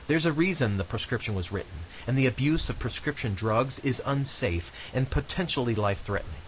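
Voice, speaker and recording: An actor voicing a calm male health official, giving measured, instructive advice in a scripted game voice-over. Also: mid-range voice, slight background noise, close to an everyday voice, poor audio.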